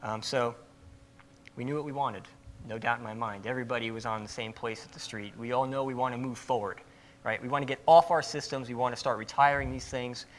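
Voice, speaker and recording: A man's voice: medium pitch, steady tone, brisk. A man giving a conference talk in a casual, emphatic way, with many fillers. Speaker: conference presenter.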